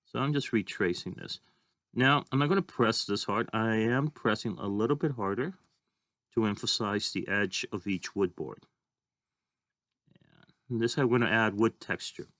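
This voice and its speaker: A man's voice: fairly low pitch, moderate pace, long pauses, fairly bright tone, no echo, studio quality. A man teaching a drawing lesson, talking casually and thinking aloud as he draws. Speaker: art teacher.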